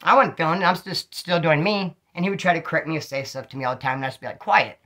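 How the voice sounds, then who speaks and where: A man rattles off stories from his past in a rapid, tense, forceful delivery, full of street slang. His voice sits a little high for a man, and he slips into quick acted-out quotes as he goes. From California. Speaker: storyteller recounting prison life. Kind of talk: casual storytelling monologue.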